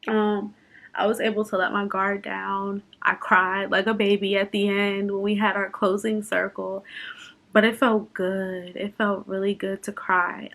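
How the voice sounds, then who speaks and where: A woman's voice: medium pitch, fairly bright tone. A young woman chatting unscripted in a personal vlog, open and emotional, laughing and fighting back tears at times. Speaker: vlogger.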